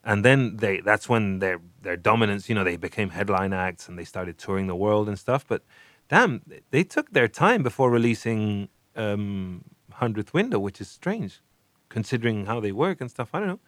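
A man's voice: lowish voice, animated, moderate pace, fairly bright tone, no echo. Rambling, enthusiastic man in a dry studio. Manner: enthusiastic, rambling, many restarts. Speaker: podcast co-host. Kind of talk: casual chat about music.

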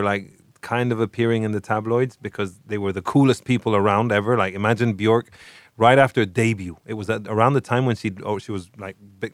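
A man's voice: on the low side, dry recording. Man, casual podcast chat, enthusiastic, rambling, restarts often, dry close sound. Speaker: podcast co-host. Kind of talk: casual chat about music.

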